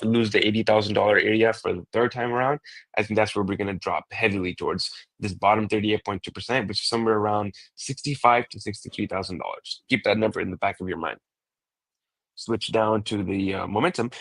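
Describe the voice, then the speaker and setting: A man's voice: fairly low pitch, a bit bright, no echo. A man giving casual chart analysis as a guest trader, hesitant and full of fillers.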